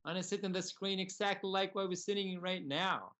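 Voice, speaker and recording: A young man from Syria, telling his personal story as a podcast guest in earnest, halting, broken English. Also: high-pitched, steady tone, a bit bright.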